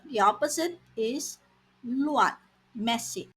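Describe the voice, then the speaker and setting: A woman teaching vocabulary in a scripted lesson, saying words slowly and repeating them for learners. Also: fairly high pitch, animated, a bit bright, breathy edge, rough recording. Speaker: language teacher.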